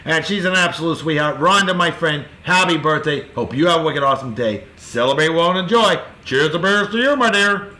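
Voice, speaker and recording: A man hosts his daily video and hands out effusive, upbeat birthday greetings. His voice sits a little high and sounds crisp and forceful. The recording rings with the echo of a bare room. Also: a little fast, few pauses. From Martha's Vineyard, Massachusetts. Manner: upbeat, effusive, talks straight to friends. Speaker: host of a daily beer video. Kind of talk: casual birthday shout-outs. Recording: echoey room.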